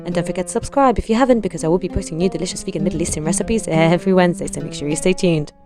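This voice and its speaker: A young Palestinian vegan cooking host talks rapid-fire over background music, chatty and giggly as she cooks casually and tells stories. She acts out her relatives in high voices.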